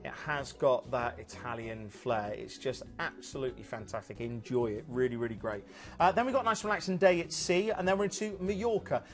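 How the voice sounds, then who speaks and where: A man's voice: mid-range voice, lively intonation, fairly quick. A man presenting cruise holidays on a TV sales show, chatty and upbeat with lots of fillers. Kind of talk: enthusiastic sales chat.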